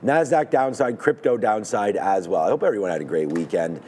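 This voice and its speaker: A man with a low, dark voice worn hoarse after a weekend of yelling. He rambles casually from small talk to stock moves as a live market co-host, with a faint hiss of background noise. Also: lively intonation, fairly quick. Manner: chatty, rambling, jumps between topics. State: hoarse, lost voice.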